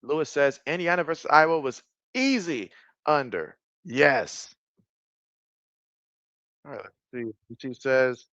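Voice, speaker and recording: A man doing casual live-stream play-by-play, reading viewer comments aloud, with bursts of excitement on big plays. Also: medium pitch, measured pace, pauses often, no echo, muffled recording.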